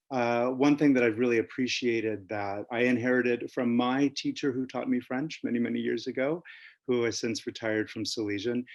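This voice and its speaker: French teacher guy on a video call, mid pitch, lots of uh's, steady webinar talk. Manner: measured, with frequent "uh" fillers. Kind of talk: presenting at an online school webinar.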